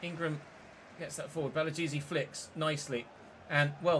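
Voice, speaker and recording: A man's voice: a little high, steady tone, normal speed, hardly any pauses, a bit bright, a little hiss or hum. A man giving live, mock match commentary while playing a football game, swearing when frustrated.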